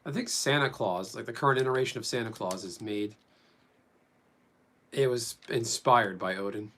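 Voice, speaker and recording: A man's voice: mid-range voice, moderate pace, fairly bright tone. A man chatting casually with viewers during a live stream, rambling as he reads and answers them.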